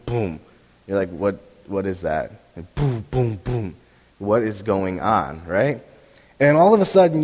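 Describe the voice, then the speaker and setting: A young man preaching a sermon with a voice roughened by a sore throat, telling the story animatedly and acting out the crowd's reactions. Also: mid-range voice, darkish tone. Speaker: pastor. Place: church hall. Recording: long hall reverb.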